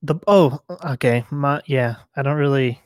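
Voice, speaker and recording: Brief: male co-host, giggly and incredulous, halting delivery, dry sound. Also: mid-range voice, darkish tone, clean tone, no room sound. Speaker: podcast co-host. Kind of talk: crude comedic podcast chat.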